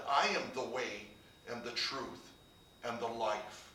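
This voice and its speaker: Man, preacher, bright tone, sermon, echoey room, heard from a distance. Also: mid-range voice, a little slow, slight background noise. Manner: builds to emphatic, rising passages.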